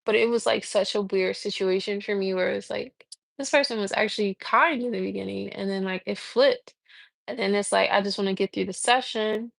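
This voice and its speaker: A woman in her thirties, a massage therapist, telling a story on a casual livestream with animated, exasperated, swearing talk. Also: mid-range voice, fairly quick, creaky, no room sound.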